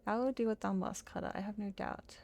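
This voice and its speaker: Lady doing a stern axe-wielding woodsman guy, slow and solemn, old-timey talk, bit gravelly. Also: medium pitch, steady tone, darkish tone, lightly acted. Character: grim male axe-wielding woodcutter, stern and archaic.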